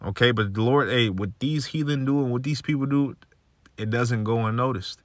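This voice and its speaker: A man's voice: medium pitch, moderate pace, no room sound. A man giving a casual spoken religious testimony, laid-back and peppering his talk with "man" and "okay". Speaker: religious video maker.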